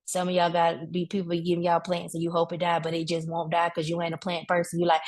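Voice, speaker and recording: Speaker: woman with a lowish voice, giving a motivational grief talk in a loose, colloquial preaching style. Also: quick pace, hardly any pauses. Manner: conversational preaching, addresses the crowd directly; relaxed colloquial speech with vivid asides. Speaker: speaker at a wellness event.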